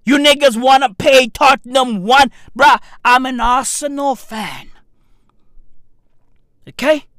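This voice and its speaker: A man from South Africa doing a loud, profane comedic rant, mocking and shouting. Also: extremely high pitch, fairly even intonation, slow pace, no echo, clean studio sound. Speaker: comedian ranting.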